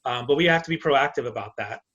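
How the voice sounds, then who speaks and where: A man's voice: medium pitch, quick pace, a bit bright. A man with a mid-range voice on dull, lo-fi video call audio. He talks as a council candidate in a casual, practical way with the odd filler. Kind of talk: candidate forum answer.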